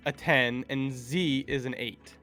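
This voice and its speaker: A man's voice: mid-range voice, steady tone, slow, sharp tone, faint music behind. A man as a guest in casual stream chat, easygoing and agreeable, often hesitant. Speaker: guest co-host.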